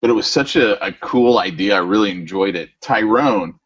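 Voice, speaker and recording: Husky-voiced rambling male podcast co-host. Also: fairly low pitch, lively intonation, moderate pace. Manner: rambling storyteller with many fillers. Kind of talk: casual podcast chat. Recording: dull lo-fi podcast audio.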